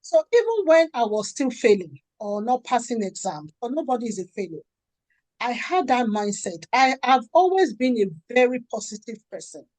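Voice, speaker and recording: A middle-aged woman from Nigeria, a charity founder and author, talking in an interview and acting out the dialogue in her stories with lively energy. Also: on the high side, normal speed, no room sound. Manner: animated storytelling, acts out quoted dialogue. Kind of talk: conversational interview.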